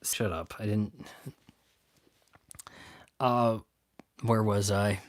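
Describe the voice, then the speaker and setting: A man's voice: fairly low pitch, steady tone, extremely slow. A man hosting a casual solo chat, rambling and stop-start with sarcastic asides. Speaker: youtube host. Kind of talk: casual solo chat answering viewer questions.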